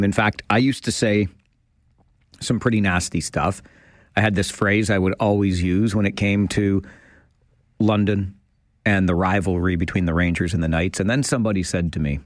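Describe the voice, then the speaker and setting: Guy hosting a call-in radio show, kinda low voice, chatty and keen, dry close studio mic. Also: dry recording. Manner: chatty, enthusiastic, self-deprecating. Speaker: talk radio host. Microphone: studio microphone.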